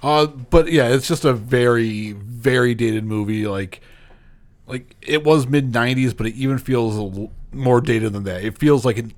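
A man's voice: medium pitch, normal speed. A man in a casual movie review chat, talking in a laid-back, drawling way that trails off.

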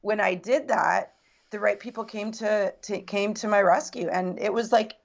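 A woman's voice: mid-range voice, steady tone, moderate pace, gravelly, lo-fi sound. A woman guest recounting a personal story in earnest, reflective casual conversation. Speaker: podcast guest.

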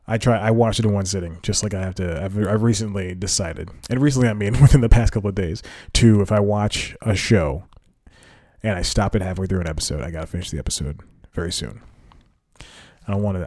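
A man with a fairly low, mellow voice hosts a casual solo podcast, wandering off topic and correcting himself as he talks. He chuckles at his own asides. The sound is dry and close-miked, with no echo.

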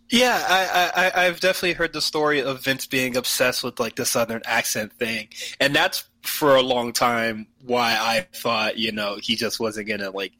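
A man's voice: medium pitch, bright, forceful tone, no echo, rough recording. A man co-hosting a podcast in casual chat, rambling with lots of fillers and restarts. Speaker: podcast co-host.

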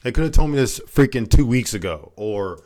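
A man's voice: mid-range voice, expressive, moderate pace, mellow. A man, co-hosting a casual podcast chat, drawling and yawning as he talks until he runs out of breath. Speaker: podcast co-host.

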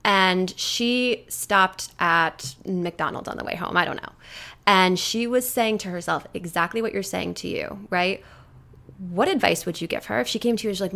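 A woman's voice: mid-range voice, normal speed, gravelly, bright, forceful tone. A woman coaching on eating habits, talking casually and animatedly, acting out the voices of people she quotes. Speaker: nutrition coach.

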